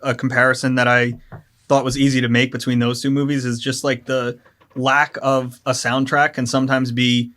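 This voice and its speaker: A man's voice: mid-range voice, little pitch movement, normal speed, a bit bright. A young man in casual movie chat, easygoing and thoughtful. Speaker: podcast co-host.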